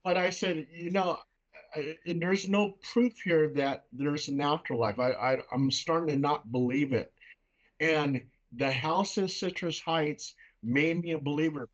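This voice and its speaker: Guy telling a wild ghost story, swears a lot, kinda high voice, dull lo-fi sound. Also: unhurried. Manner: animated, profane storyteller. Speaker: paranormal investigator. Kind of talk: storytelling in casual talk.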